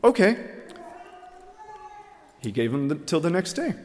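A man's voice: on the high side, very animated, fast, darkish tone, in a large hall. A man preaching a sermon, telling a story earnestly with many ums and uhs. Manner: earnest storytelling with frequent fillers.

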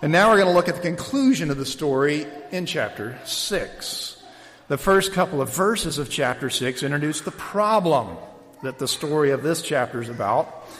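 A man preaching a sermon who reads a story aloud with lively, shouted calls, then talks plainly with fillers. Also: a little high, moderate pace. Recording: long reverb of a large hall.

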